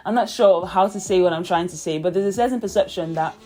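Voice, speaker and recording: A young Nigerian woman with a British English accent vlogs to her camera mic, chatty and reflective, full of fillers and light laughs. Her lowish voice is fast and warm, with faint music in the background.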